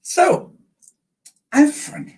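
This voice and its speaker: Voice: slow, recorded from a distance, poor audio. A speaker chatting casually and meandering through a story, correcting themselves along the way. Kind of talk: casual chat. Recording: voice from away from the mic.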